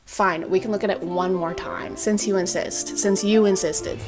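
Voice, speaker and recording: A woman's voice: mid-range voice, fairly even intonation, moderate pace. Woman, reaction host, sarcastic, joking, music bed behind. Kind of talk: comedic reaction commentary.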